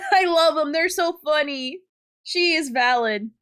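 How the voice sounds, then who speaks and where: A woman's voice: high-pitched, animated, a little slow, a bit bright. A young adult woman streaming live, rambling in crude, giggly banter with her chat. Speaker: livestreamer.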